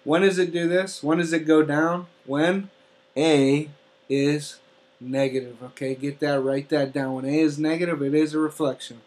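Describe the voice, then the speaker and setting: A man's voice: a little high, little pitch movement, moderate pace, a little mellow. A man teaching an algebra lesson step by step, often checking in with "okay?". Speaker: math teacher. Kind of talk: classroom math lesson.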